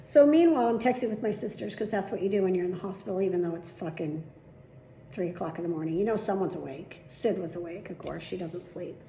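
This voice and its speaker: A woman's voice: lowish voice, fast, warm tone. A woman telling a story to camera in a blunt, indignant, heavily profane way. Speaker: video blogger. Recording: echoey room with faint background noise.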